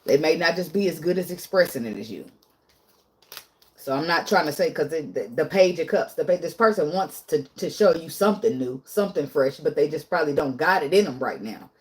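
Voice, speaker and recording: A woman's voice: low-pitched, expressive, fairly quick, a little mellow. A woman doing a casual tarot reading vlog, talking bluntly with lots of swearing, getting emotional and laughing often. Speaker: tarot reader.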